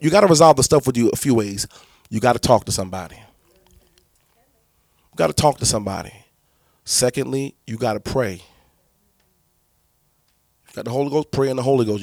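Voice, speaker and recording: Emphatic preaching pastor, dry sound. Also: male voice, mid-range voice, darkish tone, no room sound. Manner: emphatic, repetitive, many restarts. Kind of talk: preaching-style teaching to church leaders.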